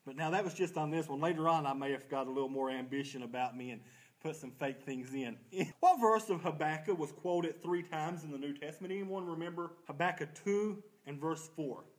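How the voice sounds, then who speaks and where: A man's voice: on the high side, a little fast, low-quality recording. A man leading a church Bible study, folksy and self-deprecating, quizzing the class and answering his own questions.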